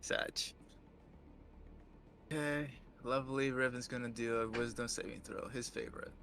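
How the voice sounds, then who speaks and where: A man's voice: medium pitch, steady tone, moderate pace, vocal fry, fairly bright tone, slight background noise. A man playing a tabletop game, asking about rules and making dry, wry asides. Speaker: player. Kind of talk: casual chat at a game table.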